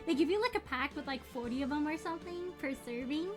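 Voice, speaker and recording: A woman's voice: sits high, quick pace. A young woman streaming a game live, bubbly and giggly, greeting chatters by name. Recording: stream with music behind.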